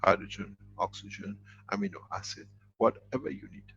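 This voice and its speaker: Middle-aged male lecturer, gravelly and low, halting phrasing, muffled lo-fi call audio. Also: little pitch movement, a bit bright, a little hiss or hum. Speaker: foundation leader answering questions. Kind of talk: lecture with questions and answers.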